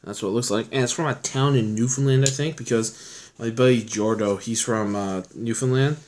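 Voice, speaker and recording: Casual vlogger, young adult male, mid-pitched, loose and rambling delivery. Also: fairly quick, a little mellow, slight background noise. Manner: rambling, filler-heavy, chatty storytelling. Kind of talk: casual chat showing his collection.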